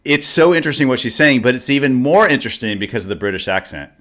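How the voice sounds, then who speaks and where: A man's voice: mid-range voice, expressive, fast, fairly bright tone. A man hosting a community news show, upbeat and joking as he wraps up with guests. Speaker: show host.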